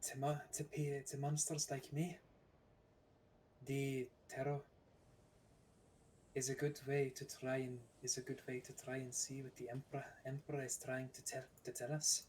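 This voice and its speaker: A man voicing a troubled young woman who sees herself as a monster, speaking in a halting, hesitant way. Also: mid-range voice, completely flat delivery, a little mellow, natural voice. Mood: uneasy. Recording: faint background noise.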